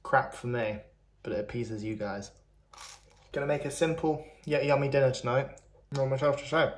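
A man's voice: medium pitch, fairly even intonation, normal speed. A man chatting casually and cheerfully through a cooking vlog, poking fun at himself. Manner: chatty, upbeat, self-deprecating. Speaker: vlogger.

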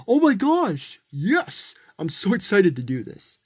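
A man's voice: fairly high pitch, very animated, moderate pace, darkish tone, dry recording, studio quality. A man voicing a big friendly cartoon cat toy in a fan toy play, eager and exclaiming.

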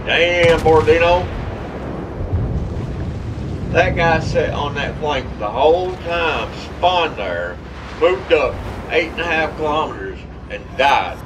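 Excitable, cussing gamer man. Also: a little high, slow pace, long pauses, recorded from a distance, muffled recording, background noise. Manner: excitable, profane, trash-talking. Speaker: gameplay commentator. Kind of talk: live gameplay commentary.

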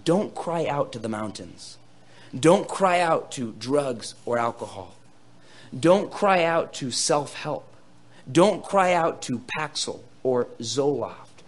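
A man preaching a sermon, reading scripture dramatically and swinging between loud bursts and quieter asides to his listeners. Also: medium pitch. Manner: playful asides to the audience. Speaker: pastor.

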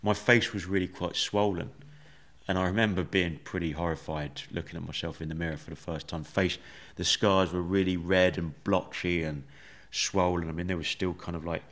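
A man with a very low voice talks through his story as a podcast guest. He speaks in a measured, reflective way and often pauses on fillers. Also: fairly even intonation, a bit bright. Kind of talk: conversational storytelling.

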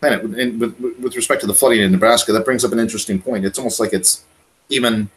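A man from Canada talking in a casual prepping chat, animated and emphatic, often repeating words. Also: fairly low pitch, quick pace, low-quality recording. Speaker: guest on a prepping livestream.

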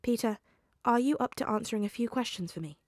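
A woman reading a fan story aloud, voicing a calm, controlled male FBI agent who speaks gently and evenly. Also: a little high, no echo, clean studio sound, lightly acted. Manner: gentle and measured.

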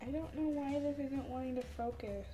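A woman chatting casually on a game stream in a bubbly, excitable way. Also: sits high, fairly quick, music in the background. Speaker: co-player on stream. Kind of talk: casual chat.

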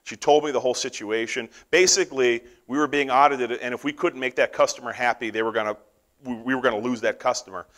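Middle-aged American man, conference speaker, bright tone, animated storyteller who acts out voices. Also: medium pitch, quick pace. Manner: animated storyteller acting out quoted dialogue. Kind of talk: storytelling keynote talk.

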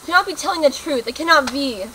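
A woman's voice: high-pitched, lively intonation, fast talker, background noise. A woman playing a desperate, pleading young witch searching for her love. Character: young witch, distraught lover.

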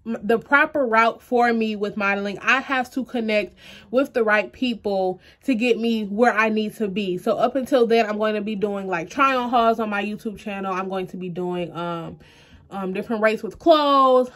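A young woman speaking earnestly into her camera, her fairly high voice close to tears as she talks directly to her viewers. She leans on faith and keeps herself pushing forward. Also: normal speed. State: close to tears, eyes puffy. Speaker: vlogger. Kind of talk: emotional personal vlog to camera.

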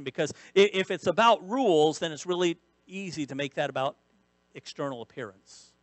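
Male pastor, sermon delivery, repeats key lines for weight, slightly high-pitched, dry mic. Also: dry recording. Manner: animated preaching with rising bursts of emphasis; repeats key phrases for emphasis. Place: church sanctuary.

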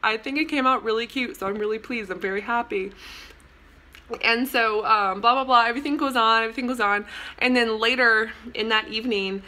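Bright-voiced gushing young woman vlogger. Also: on the high side, a little fast. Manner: gushing, excitable, lots of "like" and "oh my god". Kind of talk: casual storytime vlog.

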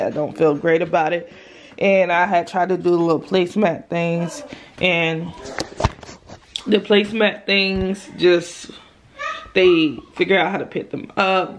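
A young woman talks through a hands-on demo for her mom vlog, chatty and practical. Her voice sits a little low. A faint hiss hangs under the camera mic indoors. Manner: chatty, explains hands-on while handling a stroller. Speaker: mom vlogger.

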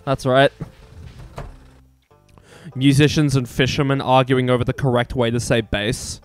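A young man with an Australian accent talks over his gameplay in a loose, joking ramble, cursing freely and mocking himself. His voice is smooth and clean. Soft music sits behind him. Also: mid-range voice, level tone, measured pace, long pauses. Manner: rambling, self-mocking, profane, jokey. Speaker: gaming YouTuber. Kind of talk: casual gameplay commentary.

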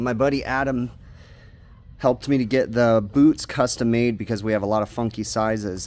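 Low-voiced man narrating a DIY vlog. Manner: relaxed, explanatory, many fillers like um and uh. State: out of breath. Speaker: HVAC technician and channel host.

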